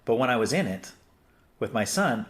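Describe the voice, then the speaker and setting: A middle-aged man hosts a podcast of casual conversation, his mid-range voice swinging widely in pitch at a normal speed. He rambles with plenty of fillers and restarts, acting out what people said.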